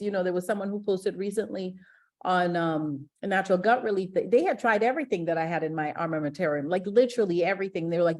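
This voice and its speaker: A middle-aged woman from Ghana, a gastroenterologist giving a lively online masterclass, chatty and energetic, with fillers and restarts. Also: mid-range voice, quick pace. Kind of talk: live online masterclass talk.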